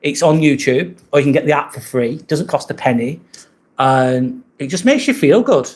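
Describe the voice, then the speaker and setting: A man's voice: on the high side, animated, moderate pace, darkish tone. A man with an English accent hosting a casual live stream from an apartment, chatting and answering viewer comments as they come in. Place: rented apartment indoors.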